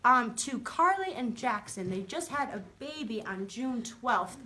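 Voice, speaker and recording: A woman's voice: on the high side, animated, unhurried. A woman hosting a casual live stream chat, bubbly, chatty and often laughing, in a room full of people. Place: noisy party room with a crowd. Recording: loud crowd and noise behind.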